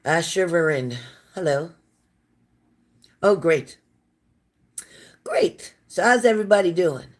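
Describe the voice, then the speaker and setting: Raspy-voiced woman chatting on a livestream. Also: expressive, unhurried, pauses often. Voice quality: raspy, low smoker's voice. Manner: chatty, affectionate, thanks viewers by name. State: sore throat. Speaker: livestream host reading viewer comments. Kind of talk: casual livestream chat.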